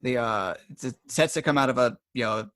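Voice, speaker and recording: A man's voice: medium pitch, fairly quick, fairly bright tone. A man on a podcast panel, making wry asides and laughing often in casual chat. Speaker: podcast guest.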